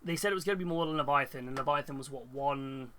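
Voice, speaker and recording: A man's voice: mid-range voice, fast talker, sharp tone, slight background noise. A man with a cold, talking casually and rambling on a live hobby stream, full of fillers and restarts. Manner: rambling, thinks aloud with many fillers and restarts, reads chat. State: congested with a cold.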